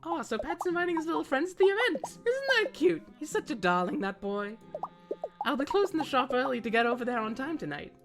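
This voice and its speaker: A woman's voice: high voice, sing-song, a little fast, over music, voice pushed up. A woman voicing a grandmotherly old shopkeeper who runs an antique store and talks in folksy, sassy patter full of pet names. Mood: doting.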